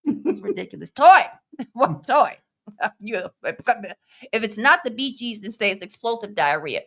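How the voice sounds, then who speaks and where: A woman's voice: mid-range voice, lively intonation, unhurried, fairly bright tone. A woman co-hosting a casual podcast, reading chat comments and laughing as she acts out quoted voices.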